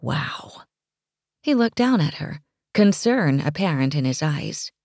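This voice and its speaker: A woman narrating a romance audiobook in an expressive, scripted style. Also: sits low, normal speed, no room sound, clean studio sound.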